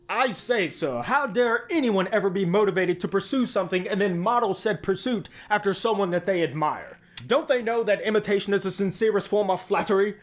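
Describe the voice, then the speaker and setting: Sarcastic high-voiced man narrating. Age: adult with a career. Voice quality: velvety smooth voice. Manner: sarcastic, self-deprecating. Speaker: YouTube channel host. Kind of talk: scripted comedic narration.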